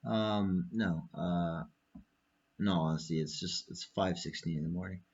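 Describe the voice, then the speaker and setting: Low, husky man ranting profanely. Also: unhurried, darkish tone, dull audio. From Canada. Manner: profane, angry, rambling. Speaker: podcast host. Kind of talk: late-night ranting monologue. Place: small apartment.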